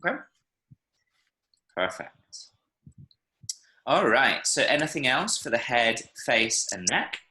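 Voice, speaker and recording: Male language teacher, bright tone, checks in with students often. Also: medium pitch, very animated, slow, pauses often, rough recording. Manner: patient, explains and checks understanding. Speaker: Spanish teacher. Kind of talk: online language lesson. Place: online class, speaking from Medellín. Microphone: video call.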